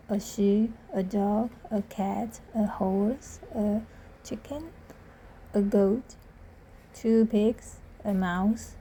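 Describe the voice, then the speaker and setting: A woman reading a children's picture book aloud, slow and deliberate, giving the animals little voices. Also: mid-range voice, warm tone, slight background noise. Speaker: storybook reader.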